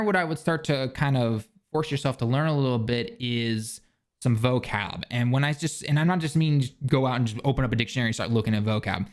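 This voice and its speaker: A young man with a mid-pitched voice talks straight to camera in a relaxed teaching tone. He rambles a little, restarts sentences and leans on fillers as he explains things for beginners. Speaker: language learning vlogger. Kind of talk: casual instructional talk. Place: living in Japan.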